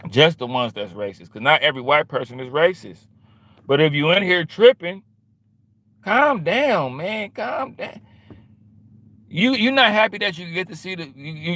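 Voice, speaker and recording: A man's voice: a little high, expressive, a little fast, fairly bright tone. A man hosting a livestream, talking back to his chat in a confrontational, repetitive and slangy way. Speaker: livestream host.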